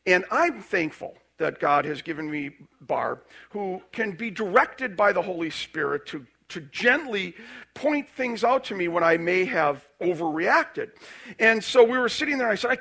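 A male pastor telling a personal story in a sermon, animated, with restarts and acted-out quotes. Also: high voice, normal speed.

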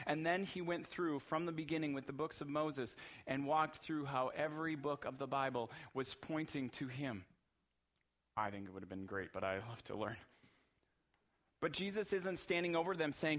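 A man's voice: a little high, normal speed, a bit bright. A man preaching a sermon as pastor, earnest and emphatic, repeating phrases for rhythm.

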